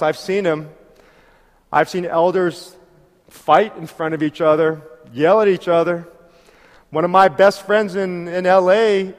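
A man in his fifties preaching a heartfelt sermon, swinging between loud exhortation and soft, intimate asides. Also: sits high. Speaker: pastor. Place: church hall. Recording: long reverb of a church hall.

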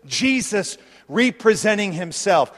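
A man's voice: sits high, sing-song, takes it slowly, a bit bright. A man preaching a sermon, emphatic and insistent, hammering home repeated phrases. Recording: long reverb of a large hall.

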